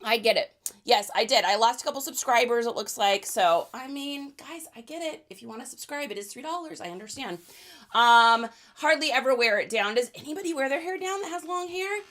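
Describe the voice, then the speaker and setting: A woman hosting a casual livestream while packing orders, chatty and high-energy. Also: animated, brisk, a bit bright. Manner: high-energy, chatty, reads out viewer names. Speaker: reseller livestream host.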